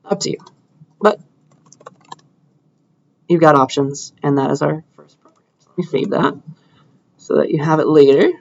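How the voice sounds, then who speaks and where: A man's voice: fairly high pitch, moderate pace, creaky, pauses often, highs cut off. A young man giving a casual computer science lecture, talking students through a coding demo while he clicks. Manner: casual, chatty, thinking aloud while clicking through code. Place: lecture hall.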